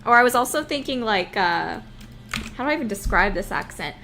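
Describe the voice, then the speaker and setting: A woman's voice: medium pitch, expressive, brisk, bright, forceful tone, a little hiss or hum. Giggly woman chatting on a live stream. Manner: giggly and rambling. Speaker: game developer streaming live. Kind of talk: casual live-stream chat.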